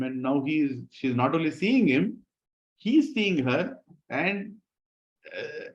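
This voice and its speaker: A man teaching a devotional scripture class, telling the stories in an animated way and laughing often. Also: on the high side. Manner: animated storytelling with frequent laughter. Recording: dull lo-fi recording.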